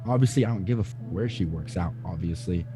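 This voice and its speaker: A man's voice: low voice, fast talker. A man confidently explaining dating advice step by step. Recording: voice over background music.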